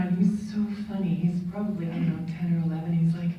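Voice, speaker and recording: A woman on a convention panel telling an anecdote as a lively storyteller. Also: mid-range voice, brisk. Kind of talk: animated anecdote. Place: large convention hall. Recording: echoey convention hall, distant mic.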